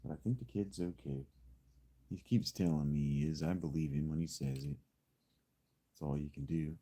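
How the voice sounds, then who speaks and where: A man's voice: extremely low pitch, normal speed, warm tone, breathy edge. A man chatting casually while he streams a video game, rambling and swearing with bursts of laughter. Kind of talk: casual gameplay stream chat.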